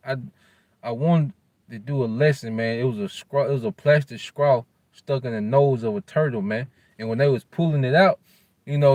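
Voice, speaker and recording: A man teaching scripture in a loose, slangy way, tagging "man" onto almost every line. His voice sits in a middle pitch and sounds close and dry, with no room around it. He stumbles a little when he looks up a verse. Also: a little mellow, no echo. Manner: ends nearly every phrase with "man"; loose street slang, halting while looking up verses. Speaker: religious teacher. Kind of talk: informal scripture lesson.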